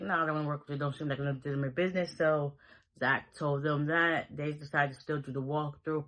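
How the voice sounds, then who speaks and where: A man's voice: fairly high pitch, pushed and bright, poor audio. Rambling man recapping a show. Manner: rambling storytelling, quick quoted asides. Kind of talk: casual episode recap.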